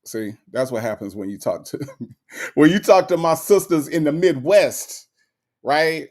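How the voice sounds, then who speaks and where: A man from Florida, hosting a casual livestream, talking to his chat and reading their messages aloud with animated repeated restarts. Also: a little high, unhurried. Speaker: livestream host.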